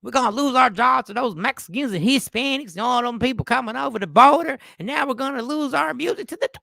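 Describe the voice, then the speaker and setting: A man's voice: extremely high pitch, fast talker, vocal fry, pushed and bright, dry recording, studio quality, heavily acted. A man voicing a bigoted Texan bar regular with an exaggerated put-on Southern drawl. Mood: ranting.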